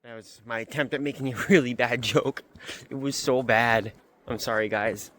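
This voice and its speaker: A young man vlogging as he hikes up a mountain trail. He is out of breath and chatty, and he repeats himself when something excites him. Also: mid-range voice, moderate pace, background noise. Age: young adult. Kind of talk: casual hiking vlog.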